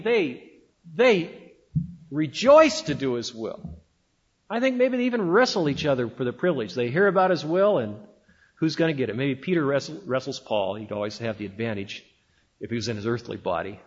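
A pastor preaching a sermon with emphatic delivery and dramatic pauses. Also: male voice, on the high side, big pitch swings, dull audio.

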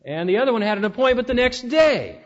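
Male preacher with a high voice, storytelling style and many "uh"s, recorded dull and reverberant. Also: big pitch swings, fast. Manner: storytelling, with frequent "uh" fillers. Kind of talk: conversational sermon.

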